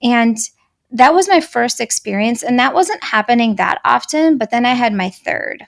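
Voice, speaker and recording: Gravelly-voiced Russian-native woman, candid. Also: on the high side, expressive, normal speed. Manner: earnest, candid storytelling. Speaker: guest. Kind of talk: casual interview chat.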